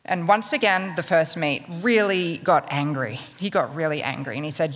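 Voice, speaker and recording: A woman's voice: sits low, normal speed, few pauses, fairly bright tone. A woman from Australia with an Australian accent, telling a wry, humorous true story in a conversational way. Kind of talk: live spoken storytelling. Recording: long reverb of a large hall.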